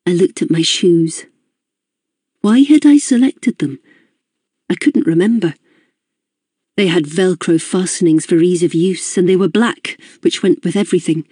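A woman's voice: lowish voice, a little slow, pauses often, dark tone, breathy edge, no echo, studio quality. A woman narrating a novel in the first person, in a precise and formal manner. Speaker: audiobook narrator.

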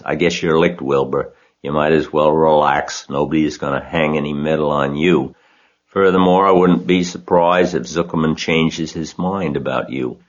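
A man voicing a bloated, boastful male rat with a husky, hoarse voice and a slow, snarling drawl. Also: extremely low pitch, highs cut off.

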